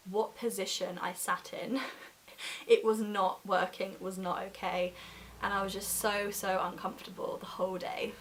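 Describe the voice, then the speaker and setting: A woman's voice: medium pitch, a bit bright. A pregnant woman in her twenties chatting casually in a vlog update, giggling often and filling with "like", sometimes short of breath. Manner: chatty, giggly, lots of "like" fillers. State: pregnant, gets out of breath talking. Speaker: vlogger.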